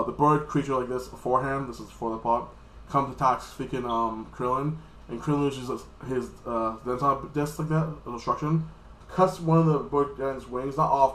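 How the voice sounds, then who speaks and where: A man's voice: fairly bright tone, a little hiss or hum. Rambling, profane man in an echoey room. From United States. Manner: rambling, profane, bursts into high-pitched mock voices. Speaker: anime reviewer. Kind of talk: casual episode recap.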